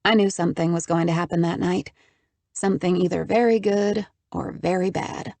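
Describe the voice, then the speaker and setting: Low, creaky woman narrating an audiobook. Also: no echo. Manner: even, measured storytelling with wry asides. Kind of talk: first-person audiobook narration.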